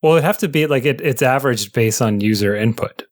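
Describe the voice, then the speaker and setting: A man's voice: medium pitch, fairly quick. Rambling, riffing man on a podcast. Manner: rambling, riffing, laughs a lot. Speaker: podcast panelist. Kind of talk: casual panel chat.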